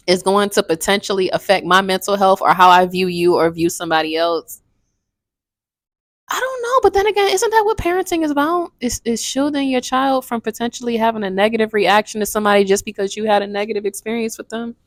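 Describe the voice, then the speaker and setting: Twenties woman, casual book-review vlogger, swings up and down in pitch, candid and rambling. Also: lively intonation, a little fast, no room sound, studio quality. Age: 20s. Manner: frank, rambling, swears casually.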